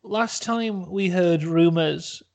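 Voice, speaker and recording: A man's voice: high voice, slow, gravelly, darkish tone. Playful young man spinning a silly tale. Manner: playful, mock-dramatic. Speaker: podcast host. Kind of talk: comedic storytelling.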